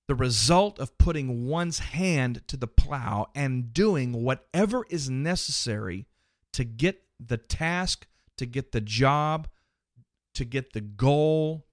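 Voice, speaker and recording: A man's voice: mid-range voice, dry recording, studio quality. A man giving a motivational sermon on a podcast, emphatic, repeating phrases for rhythm and addressing the listeners directly. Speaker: podcast host and preacher.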